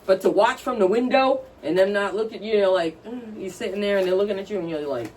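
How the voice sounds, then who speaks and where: A woman's voice: mid-range voice, fast, darkish tone, slight background noise. A woman co-hosting a podcast, telling stories in a blunt, profane, ranting casual chat. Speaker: podcast co-host. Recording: distant from the mic.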